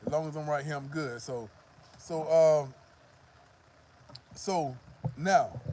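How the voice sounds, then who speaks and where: Mellow-voiced man telling a rambling story. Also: fairly high pitch, a little hiss or hum. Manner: profane, rambling, full of "you know what I mean". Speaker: vlogger. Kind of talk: casual storytelling to camera.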